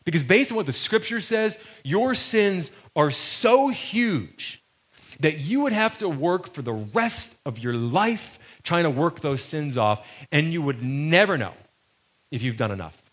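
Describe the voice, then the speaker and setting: A man preaching a sermon to a congregation in a conversational, lively way, slowing down to stress key phrases. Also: a little high. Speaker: pastor.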